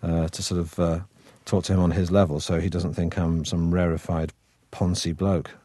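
Man, middle-aged, northern English accent, low voice, wry chatty interview talk, dry close sound. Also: little pitch movement, normal speed, mellow, dry recording. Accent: northern English, softened toward received pronunciation. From Manchester, England. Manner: chatty and wry, with frequent fillers and restarts. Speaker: actor guest. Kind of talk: relaxed conversational interview.

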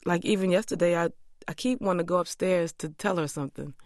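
Singer, woman, 50s, interview guest, animated storyteller, dry close studio sound. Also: lowish voice, fast, no room sound. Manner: animated storyteller who acts out quoted voices. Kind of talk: radio interview chat.

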